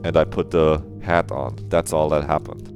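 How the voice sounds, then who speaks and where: A man's voice: very deep voice, flat delivery, moderate pace, darkish tone. A man streaming a visual novel, chatting casually with his viewers in a jokey, crude and laughing way. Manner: jokey, talks to chat, laughs often, crude asides. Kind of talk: casual live-stream chat. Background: game music.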